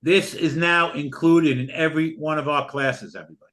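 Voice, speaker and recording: Pushy, heartfelt older man pitching a course. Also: fairly even intonation, a little fast, fairly bright tone. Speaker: trading course host. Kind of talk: live online class sales pitch.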